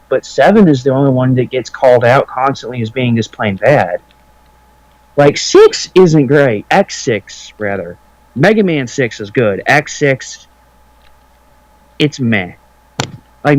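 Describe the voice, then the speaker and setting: A man's voice: mid-range voice, darkish tone, dry recording, rough recording. A man casually commenting on a retro game with a friend, rambling with lots of fillers and cursing. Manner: rambling, filler-heavy, profane. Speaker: let's play commentator. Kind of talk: casual gaming chat.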